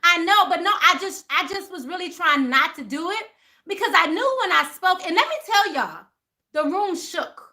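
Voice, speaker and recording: On her casual spiritual livestream, a woman with a very high voice speaks at a moderate pace. Animated and laughing often, she shares a story and responds to viewers by reading their comments out loud.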